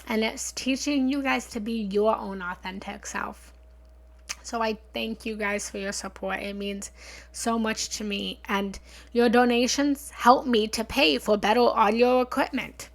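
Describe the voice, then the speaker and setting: Meditation lady on a live stream, bright kinda high voice w a little fry, chatty n earnest, reading comments out. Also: steady tone, measured pace. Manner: earnest, chatty, often repeats herself and thanks viewers. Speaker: meditation teacher hosting a live session. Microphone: studio mic through a small soundboard.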